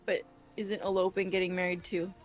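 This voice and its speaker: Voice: medium pitch, little pitch movement, fairly quick, faint music behind, poor audio. A co-host on a casual show, giggly and playfully argumentative. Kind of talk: casual live-stream chat.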